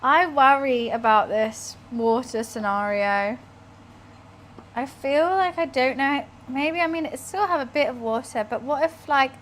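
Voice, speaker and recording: A woman's voice: on the high side, a bit bright, slight background noise. A young British woman streaming, chatting casually and rambling while she cooks, laughing often. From United Kingdom.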